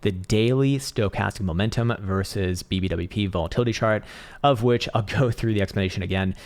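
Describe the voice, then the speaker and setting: A man with a low, gravelly voice walking through market charts in a loose, rambling way. He fills pauses with ums and uhs and drops the odd swear word as he talks through the numbers. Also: a little mellow. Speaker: crypto market analyst host. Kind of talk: casual chart analysis commentary.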